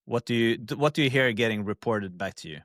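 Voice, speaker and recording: A man's voice: mid-range voice, fast, fairly bright tone, dry recording, studio quality. A man hosting a podcast, asking long questions and searching for his words as he goes. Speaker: podcast host. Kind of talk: interview questions.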